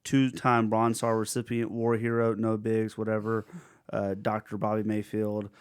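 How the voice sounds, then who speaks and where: A man in his thirties hosting a casual podcast chat, animated and jokey, bursting into loud sound effects and laughs. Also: fairly low pitch, moderate pace, smooth. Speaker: podcast host.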